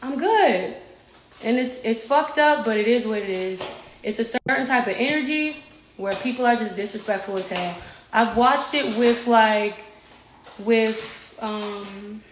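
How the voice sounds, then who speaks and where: A woman's voice: a little high, measured pace. A woman guest on a podcast, speaking in a candid, hesitant, frank way. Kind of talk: candid conversational interview talk. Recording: roomy podcast clip with faint noise.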